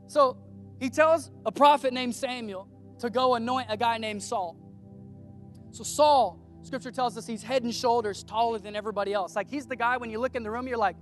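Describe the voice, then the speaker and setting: A man with a notably high voice delivers a relaxed, chatty sermon. He tells stories with plenty of animation and slips into the voices of the people he quotes. Faint music plays softly behind him. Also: moderate pace. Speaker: preacher. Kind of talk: casual conversational sermon.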